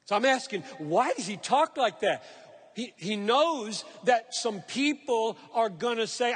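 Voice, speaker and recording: A man preaching a sermon, earnest and emphatic, slowing down to stress key phrases as he explains scripture. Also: high-pitched, big pitch swings, breathy edge. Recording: long hall reverb.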